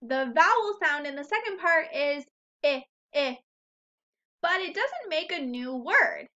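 A woman teaching a recorded phonics lesson to first graders, sounding out words and syllables slowly and deliberately. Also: very high voice, very animated, sharp tone, highs cut off.

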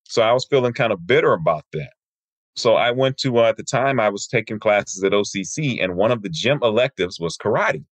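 A man's voice: on the low side, fairly quick, no echo. A man in his fifties from Michigan, a martial arts instructor, telling stories as an interview guest and acting out the people he quotes. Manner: lively storyteller who acts out quoted people.

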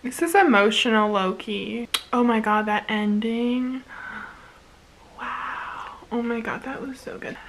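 A young woman vlogger reacting excitedly at home, gushing and repeating herself with lots of fillers in casual chat. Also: a little high, slow pace, low-quality recording.

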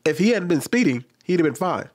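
A man's voice: a little high, very animated, fairly quick. Exasperated man lecturing other men. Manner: lecturing, exasperated, with repeated pleas. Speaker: commentator. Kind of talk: reaction commentary.

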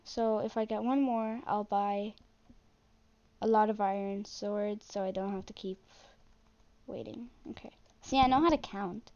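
A young woman commenting on her own gameplay in a flat, self-deprecating way, muttering to herself as she plays. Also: medium pitch, unhurried, muffled recording. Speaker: gaming channel host.

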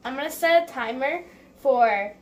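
A bubbly young woman vlogs her home baking, talking straight to her viewers with giggly enthusiasm. Her voice sits a little high. Faint kitchen noise is heard behind her. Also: animated, normal speed. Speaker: cooking vlogger. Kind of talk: casual vlog talk to camera.

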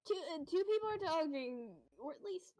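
A woman's voice: very high-pitched, lively intonation, moderate pace, dark tone. A woman playing a tabletop game, flustered and stammering as she repeats herself. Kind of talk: casual in-character and table talk. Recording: noisy line with clicks.

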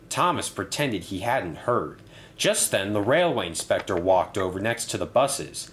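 A man narrating a storybook tale in an expressive manner. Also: fairly low pitch, measured pace.

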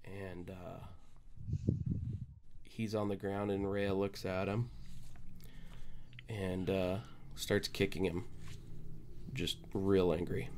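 A man narrating as game master, halting and full of fillers. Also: sits low, level tone, a little mellow, a little hiss or hum.

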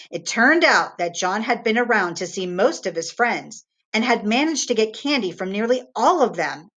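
A woman teacher reading a children's novel aloud to her class, expressive and clear. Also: mid-range voice. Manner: expressive, animated read-aloud.

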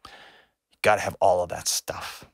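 A man's voice: low-pitched, steady tone, unhurried, creaky, breathy edge, no room sound, studio quality. A man hosting a call-in advice show, speaking earnestly and emphatically and repeating phrases for stress. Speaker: host.

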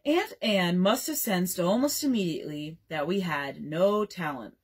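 A woman's voice: lowish voice, measured pace, slightly rough. A young woman librarian reading a bedtime story aloud, giving the dialogue its own voices. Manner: expressive, reads dialogue in varied voices.

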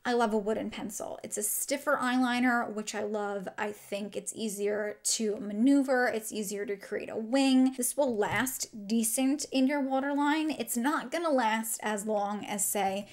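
A woman's voice: fairly high pitch, unhurried, hardly any pauses. A woman beauty vlogger chatting enthusiastically through a product review while she demonstrates makeup.

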